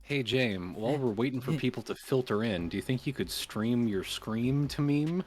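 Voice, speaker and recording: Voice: mid-range voice, animated, moderate pace, darkish tone. A co-host chatting casually on a stream, dry and teasing.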